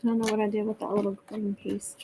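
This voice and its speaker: A woman's voice: medium pitch, little pitch movement, fast, creaky, background noise. A woman with a Southern American accent, chatting casually to viewers while she crafts on a livestream.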